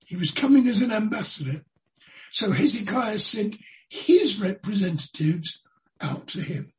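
Slow, deliberate Bible preacher, lo-fi. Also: medium pitch, sing-song. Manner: deliberate, repeats phrases for emphasis. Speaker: Bible teacher. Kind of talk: expository sermon.

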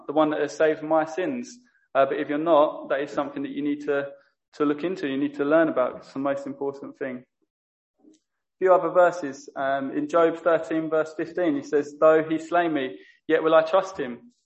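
A man's voice: fairly high pitch, steady tone, fairly quick, lo-fi sound. A man preaching a sermon in an earnest manner, often stopping to correct himself. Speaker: lay preacher.

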